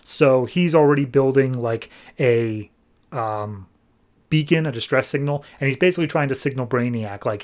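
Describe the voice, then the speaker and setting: A man's voice: mid-range voice, normal speed. A man hosting a comic podcast, retelling a story in a chatty, filler-heavy way. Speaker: comic book podcast host. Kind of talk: casual comic recap.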